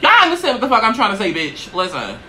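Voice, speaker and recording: Bright, brash, sassy woman vlogger. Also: medium pitch, huge pitch swings, quick pace, a little hiss or hum, low-quality recording. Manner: brash, profane, sassy, keeps asking "okay?". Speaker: YouTuber. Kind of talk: casual get-ready-with-me chat. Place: seated low in a small chair indoors.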